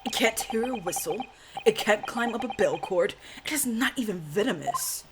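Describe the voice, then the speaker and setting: Woman reading a grandiose gentleman detective. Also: mid-range voice, animated, normal speed, background noise, natural voice. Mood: incredulous. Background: game music.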